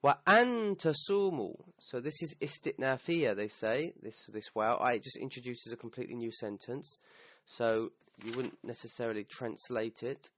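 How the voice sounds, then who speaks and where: A man's voice: mid-range voice, steady tone, moderate pace, no room sound. A man teaching a recorded Arabic grammar lesson on Quran verses. He explains step by step and checks in with the listener with "okay?". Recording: slightly dull, dry sound.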